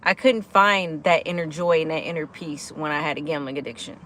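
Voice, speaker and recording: A woman hosting a casual livestream, energetic and giggly, laughing often while she chats with viewers and answers their comments. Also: low voice, a little fast, a little hiss or hum. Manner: chatty, with frequent fillers like "like" and "y'all". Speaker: livestream host of a gambling recovery channel.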